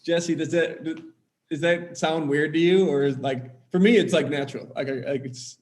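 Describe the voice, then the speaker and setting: A man's voice: a little high, fairly even intonation, moderate pace. A man from Wisconsin, a podcast guest chatting casually, rambling with many filler words.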